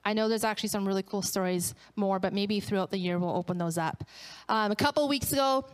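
A woman's voice: mid-range voice, fast, smooth. A woman pastor giving a sermon, telling stories animatedly and acting out the voices of the people in them. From Canada.

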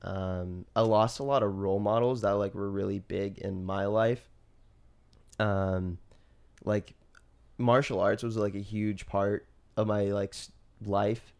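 A man's voice: lowish voice, fairly even intonation, measured pace, gravelly, darkish tone, clear, resonant tone. A young man co-hosting a casual podcast chat, rambling with lots of fillers and restarts, laughing often. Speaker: podcast co-host.

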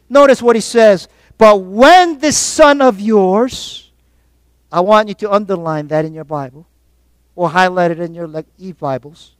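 A man preaching a sermon to his congregation, calling out for responses and swinging between quiet reflection and loud exhortation. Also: sits high, clear, resonant tone, dry recording. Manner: call-and-response preaching, rising and falling in force. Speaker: pastor.

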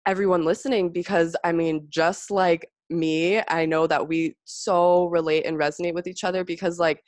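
A woman's voice: on the low side, fairly even intonation, moderate pace, darkish tone, dry recording. A woman hosting a podcast, gushing and effusive, peppering her talk with "like" and "you guys.". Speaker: podcast host. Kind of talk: casual podcast chat.

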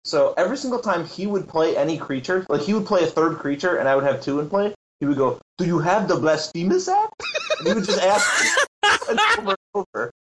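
A man's voice: high voice, a little fast, noisy background. A man telling a story in a casual podcast chat, acting out what others said and laughing often. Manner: animated, acts out quotes, laughs often. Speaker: guest, Magic tournament player.

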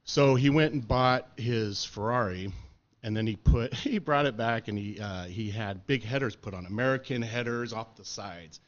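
Animated man telling stories, lo-fi. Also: on the low side, moderate pace. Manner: animated storyteller, says dude and man a lot, laughs, acts out quotes. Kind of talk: casual storytelling chat. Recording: dull lo-fi sound.

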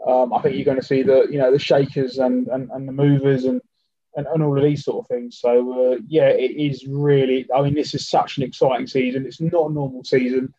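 A man's voice: medium pitch, little pitch movement, a little fast, mellow, no echo, muffled recording. A man talking as a podcast guest in casual football chat, rambling and leaning on fillers and restarts.

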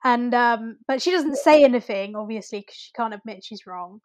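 A woman with a high voice chats with enthusiasm and emphasis. Her voice sounds close and dry, with no room echo. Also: moderate pace, darkish tone. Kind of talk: casual chat recapping a period drama.

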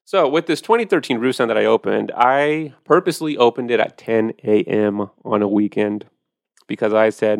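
A man's voice: fairly low pitch, normal speed, gravelly, no room sound. A man hosting a podcast, chatting casually and animatedly about wine, with profane storytelling. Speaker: podcast host.

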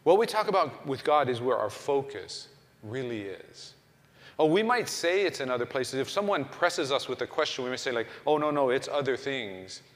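A man's voice: medium pitch, big pitch swings, normal speed, a bit bright. A man giving a conversational sermon, full of rhetorical questions and restarts. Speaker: pastor. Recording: long reverb of a hall.

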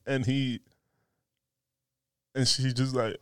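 A man's voice: mid-range voice, moderate pace, pauses often, no room sound, studio quality. Joking, rambling male podcast host. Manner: loose, joking, profane, rambling. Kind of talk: casual solo podcast. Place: indoors by a window. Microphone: podcast mic.

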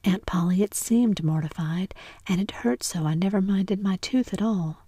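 A woman's voice: medium pitch, normal speed, warm tone, husky, no echo, natural voice. A woman voicing a mischievous boy faking illness, a whispered role-play with plaintive groaning.

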